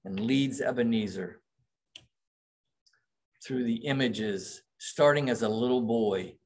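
A man's voice: mid-range voice, slow, darkish tone. A middle-aged man preaching a sermon as pastor, reading quoted passages aloud with dramatic emphasis.

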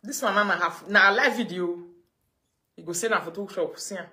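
Mocking Nigerian woman ranting on a livestream. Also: moderate pace. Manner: mocking, scolding, swings between loud and low. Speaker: livestream host. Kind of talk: casual livestream rant.

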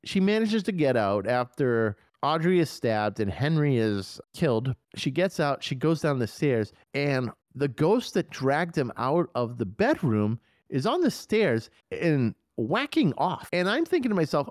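Male podcast co-host, mid-range voice, lively and profane, dry close recording. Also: a little high, unhurried, hardly any pauses, no echo. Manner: animated, profane, excitable retelling. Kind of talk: casual movie review chat.

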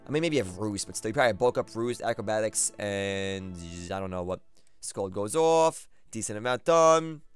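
A young man giving live commentary on his own online game battle, excitable and trash-talking, repeating phrases as he plays. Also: fairly low pitch. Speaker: gaming commentator.

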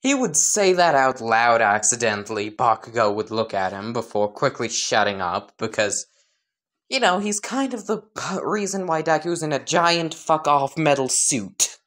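A woman's voice: extremely low pitch, big pitch swings, moderate pace, fairly bright tone. A woman casually narrating a crude, rambling comedic fan story.

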